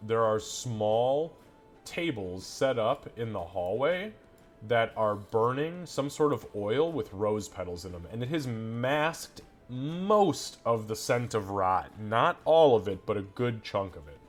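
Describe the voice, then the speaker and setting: A man's voice: medium pitch, lively intonation, slow pace, faint music behind. Casual male game master narrating. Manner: casual, rambling narration with fillers.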